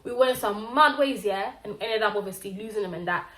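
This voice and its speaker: A young woman from Zimbabwe tells a casual vlog story. She talks in a lively, slangy way and acts out the quotes. Her voice sits at an ordinary pitch, and a room echo hangs around it. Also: fairly quick, a little hiss or hum. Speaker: vlogger. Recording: roomy echo.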